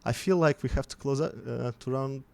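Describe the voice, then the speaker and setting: A man's voice: mid-range voice, a little fast, vocal fry, darkish tone. A young man with a Russian accent moderating a casual panel chat, talking loosely with many "like"s and "uh"s. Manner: casual, heavy on filler words like "like" and "uh". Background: music playing.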